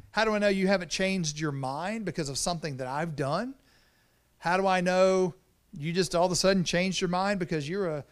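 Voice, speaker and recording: A man preaching a sermon as pastor, in a conversational way, often repeating words as he restarts. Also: a little high.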